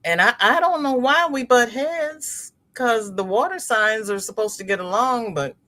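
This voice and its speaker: A middle-aged woman whose voice runs on the high side hosts a casual crochet livestream at a measured pace. She chats with viewers, reads out their comments, tells stories animatedly, and laughs often.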